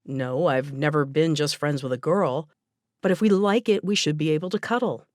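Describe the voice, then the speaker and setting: A woman's voice: low voice, normal speed, a little mellow, no room sound, clean studio sound, natural voice. Woman voicing a teasing teenage boy. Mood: protesting. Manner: teasing, wisecracking.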